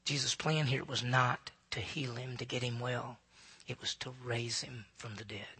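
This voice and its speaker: A male pastor preaching a sermon, dramatic, swinging between loud emphasis and hushed near-whispers. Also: medium pitch, steady tone, normal speed, breathy edge. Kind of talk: sermon, Bible teaching.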